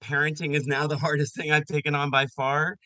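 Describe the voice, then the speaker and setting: A man in his fifties, a podcast guest, telling personal stories in a lively, casual way and acting out the voices of people he quotes. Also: a little high, fairly quick, no echo, low-quality recording. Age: 50s. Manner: animated storyteller who acts out quoted voices. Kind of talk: casual storytelling interview.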